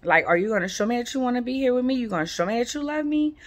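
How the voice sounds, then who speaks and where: A woman, chatting casually to her viewers in a rambling, relaxed way with lots of fillers. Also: on the high side, racing. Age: 40s. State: sleepy, yawning. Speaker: vlogger. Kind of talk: casual chat to camera.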